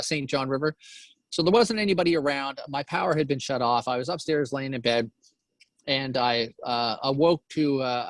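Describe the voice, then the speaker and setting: A middle-aged man from New Brunswick, Canada, chats as a guest in an interview. He talks in a halting way, full of fillers and restarts. His voice sits at an ordinary pitch, and the recording is dry and close. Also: dry recording. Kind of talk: casual interview chat.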